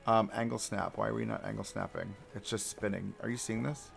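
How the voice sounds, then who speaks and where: Over soft background music, a young male streamer speaks a little fast in a fairly low, steady, creaky voice. He's building a theme park live in a game, chatting casually with viewers, talking to himself, joking and grumbling at the controls.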